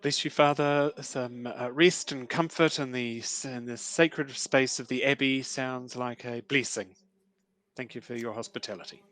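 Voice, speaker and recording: A man's voice: medium pitch, steady tone, a little slow, a bit bright. A man taking part in a tabletop game, speaking earnestly in character as a pious churchman. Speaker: player. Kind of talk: in-character tabletop role-play.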